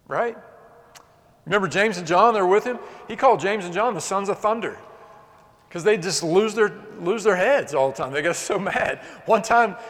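A passionate male preacher delivering a sermon, his voice fairly high for a man. He swings from fiery outbursts to quiet, earnest pleas. A long reverb from the church hall trails each phrase. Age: adult. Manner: passionate, shifting from loud to hushed. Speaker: pastor.

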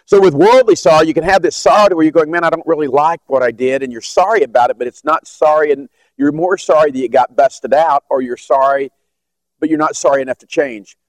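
A man's voice: fairly high pitch, brisk, no echo, low-quality recording. Man teaching a Bible lesson, dry sound. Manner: conversational, acts out dialogue, frequent restarts. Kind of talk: teaching Bible study method.

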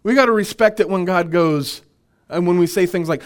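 A man's voice: high voice, fairly quick. A man who is a minister, leading a conversational Bible workshop. He chuckles often and repeats his key points.

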